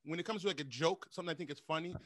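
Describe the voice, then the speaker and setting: A male podcast host chatting casually with a guest, relaxed, often answering with "right, right.". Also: on the high side, very fast, no room sound, studio quality. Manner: relaxed, frequent "right, right" acknowledgements.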